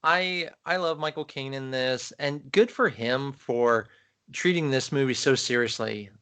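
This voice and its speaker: A man co-hosting a podcast in casual, animated chat, talking with enthusiasm. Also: medium pitch, unhurried, clear, resonant tone. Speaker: podcast co-host. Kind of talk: casual chat about films.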